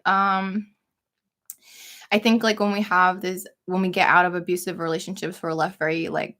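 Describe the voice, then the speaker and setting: A woman's voice: lowish voice, level tone, normal speed, fairly bright tone. A woman in her thirties, chatting casually on a livestream, supportive, with lots of filler words. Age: 30s. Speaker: livestream co-host. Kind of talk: casual chat.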